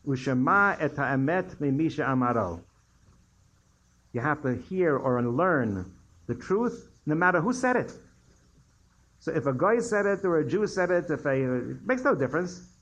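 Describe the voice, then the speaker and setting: A man's voice: a little high, very animated, normal speed, rough recording. An older man, a rabbi, lecturing students and taking their questions, telling stories between points and rising sharply for emphasis. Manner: digressive storyteller, emphatic rises on key points.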